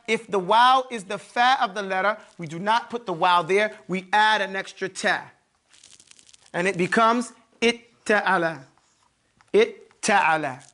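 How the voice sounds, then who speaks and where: A man's voice: high-pitched, bright, forceful tone. A man teaching a classroom grammar lesson, repeating words and often checking that students follow. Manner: repetitive, checks understanding with "okay?" and "you follow me?". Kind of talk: classroom lesson, explaining at a board.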